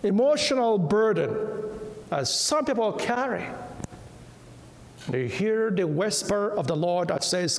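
A man preaching a sermon slowly and emphatically, repeating key words and dropping to a hush at times. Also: high-pitched, expressive, slight background noise. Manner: softens to a hush when quoting. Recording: echoey hall reverb.

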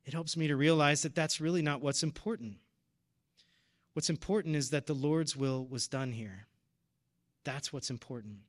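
A man's voice: a little high, normal speed, long pauses. A man in his thirties preaching, telling a personal story in an earnest, emotional way. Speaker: deacon or preacher at a parish. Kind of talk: personal testimony in a sermon.

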